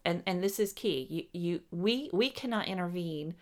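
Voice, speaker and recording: Low-voiced woman giving channeled teaching. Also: animated. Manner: measured, explanatory, speaks as "we".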